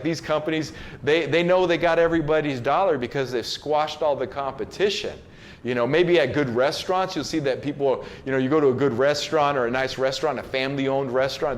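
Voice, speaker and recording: A man giving a casual motivational talk, loose and slangy with many fillers and restarts, now and then acting out other people's lines. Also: mid-range voice. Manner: acts out quoted people in changed voices. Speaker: host giving a motivational message.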